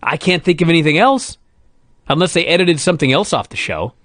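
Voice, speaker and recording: A male podcast host in casual chat, his pitch jumping around a lot as he teases his co-hosts. He sounds close and dry, with no room around him. His manner is wry and playful. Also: a little fast, no room sound. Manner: wry, teasing, lively delivery.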